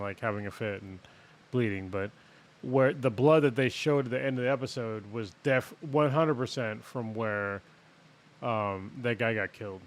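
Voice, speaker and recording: A man in casual podcast chat who firmly corrects his co-host about the details of an episode. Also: mid-range voice. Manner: firm, correcting, quick to disagree.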